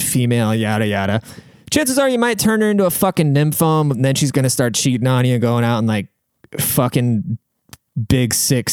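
A man's voice: mid-range voice, darkish tone, no room sound, clean studio sound. A young man hosting an advice podcast, crude and emphatic, swearing freely as he reacts to listener letters. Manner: profane, blunt, emphatic. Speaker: podcast host giving advice. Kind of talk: crude casual advice rant.

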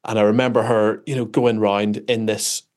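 A Northern Irish man, an author answering interview questions in an animated, self-deprecating storytelling way, often restarting his sentences. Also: fairly low pitch, normal speed. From Northern Ireland. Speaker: author and guest.

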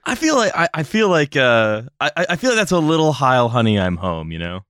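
A British man guesting on a comedy podcast, halting into dry punchlines. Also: mid-range voice, sing-song, a bit bright. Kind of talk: casual comedic chat.

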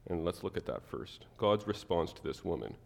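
A man preaching a sermon to his church, animated, acting out the people he quotes. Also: sits low, moderate pace, vocal fry, in a large hall. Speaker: pastor.

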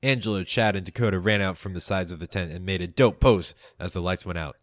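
A man hosting a tabletop game podcast as game master, narrating the story in a measured, playful way and doing the show announcements. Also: low voice, no echo, clean studio sound.

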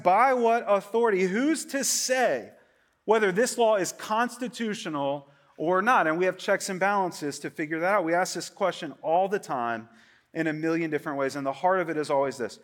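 A man in his late thirties, a pastor preaching a sermon in a relaxed, conversational way, joking and often asking his listeners "right?". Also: high-pitched. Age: 30s.

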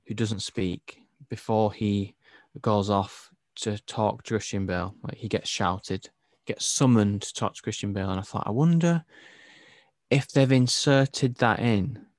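A man's voice: on the low side, no room sound. Opinionated English man, dry close sound. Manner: animated, opinionated, laughs easily. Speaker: podcast co-host. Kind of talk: casual film review chat.

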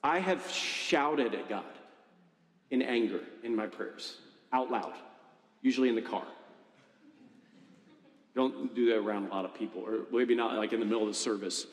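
Animated conversational preacher in echoey hall. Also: male voice, medium pitch, moderate pace, long pauses. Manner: conversational, animated, asks the congregation questions. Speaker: pastor. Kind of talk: sermon. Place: church hall. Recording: echoey hall with long reverb.

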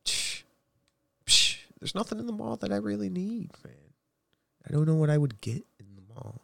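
A man with a gravelly voice that swings up and down a lot, sounding close and dry. He chats casually on a podcast and needles his friend with teasing deadpan questions. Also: sits high, normal speed, no echo. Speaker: podcast co-host. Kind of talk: casual chat.

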